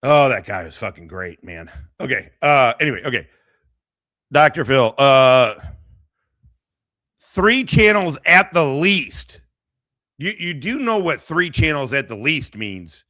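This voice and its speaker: A man's voice: medium pitch, big pitch swings, takes it slowly, pauses often, sharp tone, no echo. A man hosting a livestream, ranting in a crude, mocking way and laughing often. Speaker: streamer host. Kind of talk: profane casual livestream rant.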